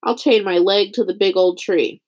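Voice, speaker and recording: A woman's voice: mid-range voice, normal speed, darkish tone, natural voice. A woman reading a pompous, learned, stubborn old man in a storybook.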